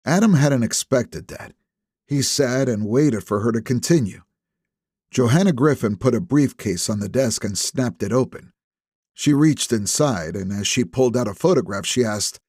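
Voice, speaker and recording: A man reading a crime novel aloud as an audiobook narrator, in steady, measured storytelling. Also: mid-range voice, breathy edge, dry recording, clean studio sound. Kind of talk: scripted narration.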